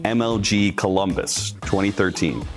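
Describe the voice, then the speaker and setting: A man's voice: low voice, moderate pace, over music. A man hosting a trivia quiz with players, upbeat and encouraging. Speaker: quiz host.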